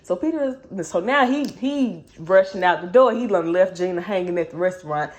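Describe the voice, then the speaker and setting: A woman recapping a book for her viewers in loose, chatty slang. Her pitch swings widely as she tells the story. She keeps things casual and animated. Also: a little fast. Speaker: book reviewer.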